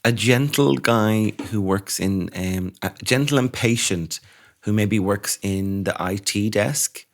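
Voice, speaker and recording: A man co-hosting a comedy podcast, riffing in a dry, deadpan way. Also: fairly low pitch, slow pace. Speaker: podcast co-host. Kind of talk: casual comedic chat.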